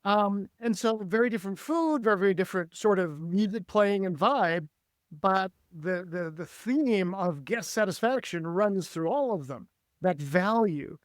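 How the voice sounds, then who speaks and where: Man, podcast co-host, high voice, loose rambling chat, dry sound. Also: expressive, a little slow, dry recording. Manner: rambling, searching for examples mid-sentence. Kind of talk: casual interview chat.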